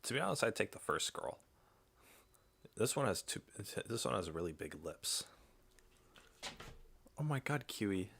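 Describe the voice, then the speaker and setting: A man with a deep voice and a rough, fry-laced texture talks through a casual reaction session. He stays playful, breaking into laughter and talking to his cat. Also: sing-song, normal speed, a bit bright. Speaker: online content creator.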